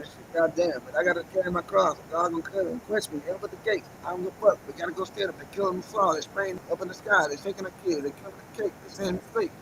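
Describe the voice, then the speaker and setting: A man's voice: on the high side, gravelly, background noise. A man livestreaming, half-rapping and half-ranting in an agitated, profane, defiant freestyle. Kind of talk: freestyle rap and rant on a livestream.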